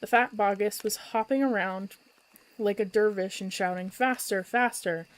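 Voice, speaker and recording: Woman reading a bedtime story, expressive, lively narration, medium pitch. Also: normal speed, poor audio.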